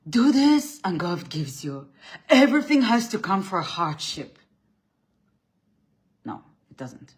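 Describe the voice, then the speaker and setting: Blunt, preachy woman with a lowish voice. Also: expressive, slow. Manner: blunt, preachy, swings between loud emphatic bursts and low quiet lines; restarts and repeats words mid-thought. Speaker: spiritual coach. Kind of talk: motivational faith talk.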